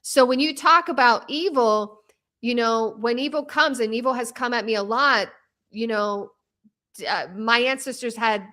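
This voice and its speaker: An animated woman talks as an interview guest, full of restarts and asides. Her voice sits a little high and rings bright and forceful. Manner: animated, fast and rambling with many restarts. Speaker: author and trauma coach as guest. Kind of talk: casual interview talk.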